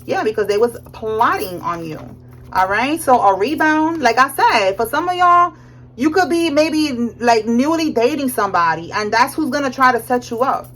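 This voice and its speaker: A young woman with a high voice talks through a tarot reading in a loose, slangy way. She keeps checking in with "all right?" and laughs often as she goes. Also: animated, normal speed, fairly bright tone, slight background noise, poor audio. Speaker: tarot reader. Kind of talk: casual tarot reading monologue.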